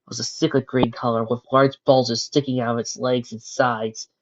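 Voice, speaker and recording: A man's voice: mid-range voice, level tone, moderate pace, dull audio, noisy background. A man reading a fan story aloud as narrator, breaking off for wry, sarcastic joking asides. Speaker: narrator and fanfic reader.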